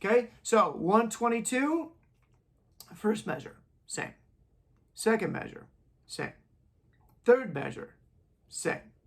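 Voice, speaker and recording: A man's voice: sits high, very animated, takes it slowly, gravelly, pauses often. A male music teacher, recording on his phone, walks students through rhythms by chanting the counting syllables aloud, casual and encouraging. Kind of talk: online band lesson. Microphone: phone recording himself.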